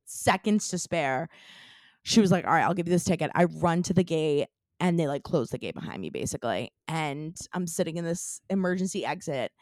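A young woman on a podcast tells a story in easy chat, her pitch sitting a little low but swinging widely as she gets into it. She fills her lines with "like" as she goes, and the sound is dry and close to the mic. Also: a little fast, no room sound. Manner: animated storytelling, lots of "like" fillers. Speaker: podcast co-host. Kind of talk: casual chat.

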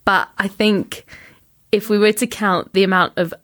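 A woman's voice: medium pitch, fairly even intonation, moderate pace, fairly bright tone. A woman spins a casual anecdote in a guest's chat. Her voice sits mid-height, and she throws herself into the quoted dialogue, filling the gaps with "like". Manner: chatty, acts out quoted dialogue with lots of "like". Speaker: podcast guest.

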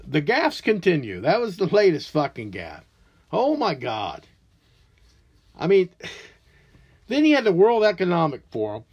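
A man in his forties hosting a podcast, ranting alone in an angry, profane way that swings between loud outbursts and low mutters. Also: huge pitch swings, unhurried, long pauses, slightly rough, highs cut off. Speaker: podcast host. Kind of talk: ranting solo monologue.

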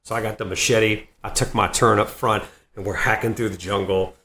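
A comedian and former Marine in his fifties, telling animated stories in an interview and laughing between lines. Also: lowish voice, fairly quick. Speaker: comedian and Marine veteran guest. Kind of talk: storytelling interview. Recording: roomy echo.

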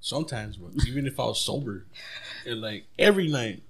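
A man's voice: medium pitch, expressive, fairly quick. A man telling stories as a podcast guest in a laid-back, profane way, calling people "bro". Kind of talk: casual chat.

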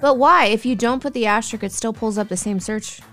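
A woman's voice: a little high, a little fast, fairly bright tone, soft background music. Female morning radio co-host, dry, teasing, unimpressed. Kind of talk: casual radio banter.

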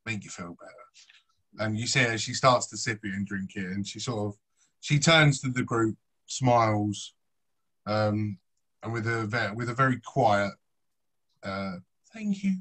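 A man narrates a tabletop game as its game master. His voice sits low, and his storytelling is loose and casual, with easy swearing mixed in. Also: fairly even intonation, moderate pace, a bit bright, rough recording.

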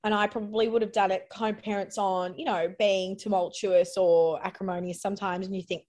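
A woman's voice: mid-range voice, fairly even intonation, brisk, a little mellow. Earnest woman, reflective. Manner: earnest, reflective, often trails off and restarts. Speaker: podcast guest. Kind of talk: candid conversational interview.

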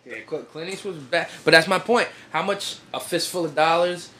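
A man's voice: fairly high pitch, fairly quick, sharp tone. A man in casual chat who talks emphatically and keeps repeating his points.

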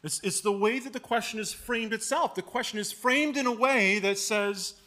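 A man's voice: sits high, moderate pace, few pauses, bright, forceful tone. A man preaching a sermon, earnestly asking rhetorical questions and acting out bits of dialogue. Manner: asks rhetorical questions and acts out quoted dialogue; earnest, repeats words as he builds points. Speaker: pastor.

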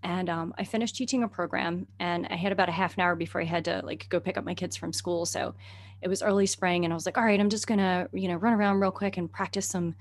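A middle-aged woman, a herbalist and naturalist, telling a story in casual conversation, animated and chatty, often laughing and using many fillers. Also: lowish voice, quick pace, slight background noise.

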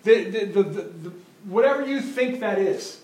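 A man preaching a sermon as pastor, animated, often repeating words as he builds his point. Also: high-pitched, moderate pace, roomy sound, poor audio.

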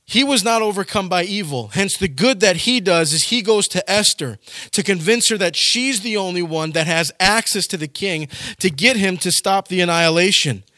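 Male pastor, animated sermon delivery, higher voice, dry recording. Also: normal speed, dry recording. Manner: animated, acts out quoted voices.

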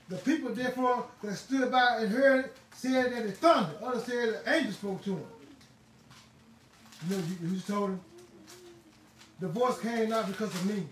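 A man preaching a sermon in a fervent, emphatic way, now and then bursting into shouts. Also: high voice. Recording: roomy, distant mic, faint ambient noise.

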